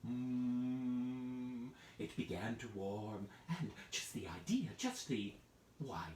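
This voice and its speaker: A playful male storyteller telling a bedtime tale live online, slow and unhurried, his pitch rising and falling all over the place. He sits some way from the mic, and the room gives his voice a roomy echo. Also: slight background noise. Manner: playful, lively, addresses listeners with hand-play prompts. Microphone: video call.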